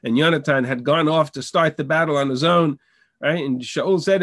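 A man's voice: a little high, moderate pace, a bit bright, dry recording, clean studio sound. A man teaching a Bible class over a video call, reading verses in Hebrew and translating them with frequent restarts. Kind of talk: online text study lesson.

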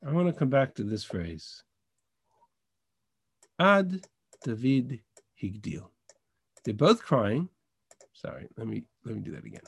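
A man's voice: mid-range voice, sing-song, unhurried, vocal fry, pauses often, slightly rough, no room sound. A man teaching a Bible class over a video call, reading verses in Hebrew and translating them with frequent restarts. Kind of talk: online text study lesson.

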